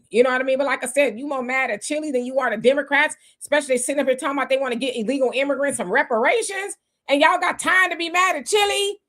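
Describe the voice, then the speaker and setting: A woman co-hosting a casual political livestream, reading viewer comments aloud and reacting heatedly. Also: a little high. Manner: heated, exclamatory, talks to viewers as y'all.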